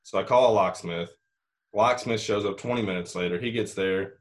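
In a casual chat, a young man with a fairly low-pitched voice rambles through a long story at a moderate pace. He leans on "like" and "you know" a lot and drops the odd swear word.

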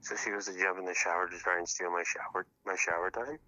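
A man's voice: low voice, fairly even intonation, fast talker, sharp tone, dry recording, dull audio. A man calling in by phone, telling a profane, laughing story in casual chat. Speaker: caller. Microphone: phone call.

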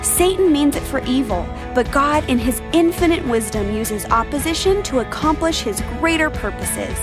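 Woman radio announcer, high voice, measured reading, music behind. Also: expressive. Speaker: program announcer.

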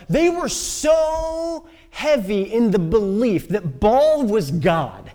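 High-voiced, animated man preaching. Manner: casual, storytelling with lots of fillers. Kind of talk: sermon.

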